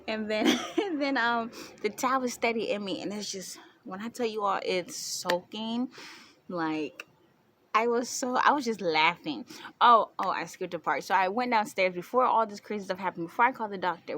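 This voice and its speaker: A woman's voice: medium pitch, brisk, a bit bright, slight background noise. A young woman vlogger casually telling a story to the camera, chatty, with frequent laughter. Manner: chatty, laughing often, many fillers.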